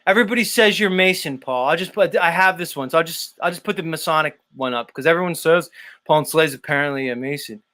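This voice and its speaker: A man's voice: a little high, fast talker, pushed and bright, no echo. Sarcastic, swearing man on a livestream. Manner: profane, sarcastic ranting. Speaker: host. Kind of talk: casual livestream rant.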